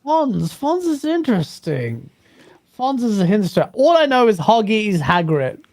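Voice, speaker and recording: A man's voice: sits high, sing-song, measured pace, a little mellow, no room sound. A young man with an English accent co-hosting a gaming podcast, playful and laughing often as he chats. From England. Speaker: podcast co-host. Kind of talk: casual podcast chat.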